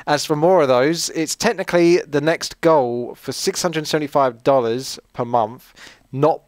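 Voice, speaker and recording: A man's voice: fairly high pitch, unhurried, dry recording. A man from Essex, England hosting his channel, answering viewer questions in a rambling, friendly chat full of fillers and asides. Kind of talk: casual chat.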